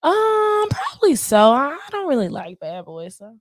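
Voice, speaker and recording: A woman's voice: high voice, moderate pace, dry recording. Chatty woman in her twenties, dry sound. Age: 20s. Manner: chatty, animated, lots of "you know what I mean". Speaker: podcast guest. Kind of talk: casual chat.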